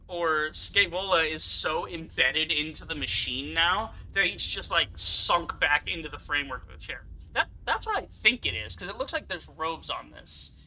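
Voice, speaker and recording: Bright-voiced young-sounding man rambling. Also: fairly high pitch. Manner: rambling, giggly, swears freely. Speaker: gaming streamer. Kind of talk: casual gameplay commentary.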